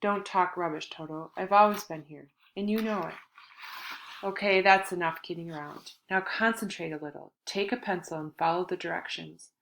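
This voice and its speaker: A woman's voice: lowish voice, normal speed, a bit bright, slight background noise. A woman reading an audiobook, voicing a bossy, mocking old grandfather who speaks as a ghostly voice. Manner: gruff, mocking, bossy coaching. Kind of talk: audiobook character voice.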